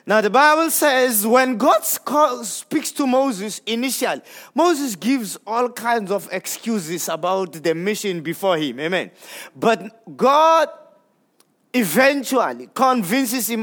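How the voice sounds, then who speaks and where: A man preaching a sermon in a conversational way, repeating words as he goes, swinging between emphatic highs and hushed, low lines. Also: lively intonation, slow pace. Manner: repeats words while gathering thoughts.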